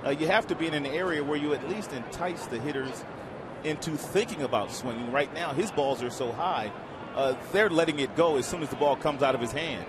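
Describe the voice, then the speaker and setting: A man giving baseball color analysis from a stadium booth, explaining pitches in a coaching tone. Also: a little fast. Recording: broadcast with loud stadium crowd and noise. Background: loud ballpark crowd.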